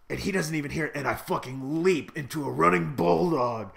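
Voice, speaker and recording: A man's voice: a little high, a little fast, vocal fry, few pauses, a bit bright. A man rambling through a profane, boastful comedic monologue to camera, full of swaggering bravado. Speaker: comedy vlogger in character.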